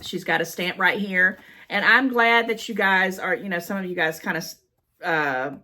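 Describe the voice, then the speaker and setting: A woman's voice: on the low side, normal speed, sharp tone. A middle-aged American woman chatting casually as she reads fan mail aloud, gushing and emotional, often repeating her words. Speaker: haul vlogger.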